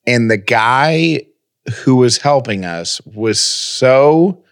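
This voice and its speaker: A radio host chatting casually and telling a story with many restarts, nursing a lingering cough. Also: male voice, medium pitch, lively intonation, drawn-out words, clear, resonant tone, no echo, clean studio sound. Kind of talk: casual chat.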